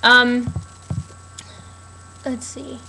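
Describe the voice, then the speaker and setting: A young woman chats loosely and with dry sarcasm, filling her pauses with lots of ums. Her voice sits a little high and sounds bright. A faint hiss runs under her talk. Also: little pitch movement, vocal fry, poor audio. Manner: chatty, sarcastic, many fillers. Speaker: TV recap vlogger. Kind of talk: casual rambling commentary.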